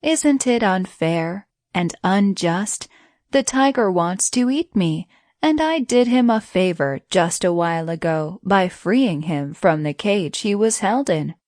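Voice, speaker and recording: A woman's voice: medium pitch, animated, takes it slowly, a little mellow, no room sound, clean studio sound. A woman voicing a frightened man who pleads in a raised, anxious voice. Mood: pleading.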